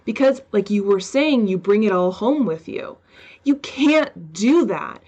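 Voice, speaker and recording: A woman's voice: mid-range voice, a little slow, dull audio. A woman hosting a podcast in casual conversation, telling stories with animation and acting out other people's remarks. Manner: animated, acts out quoted remarks in livelier tones. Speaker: podcast host.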